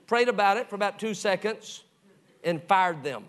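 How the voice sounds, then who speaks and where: A middle-aged male pastor preaching a sermon, telling stories and acting out the voices of the people in them, dropping soft and low for the tender moments. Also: animated, normal speed. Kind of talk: sermon storytelling.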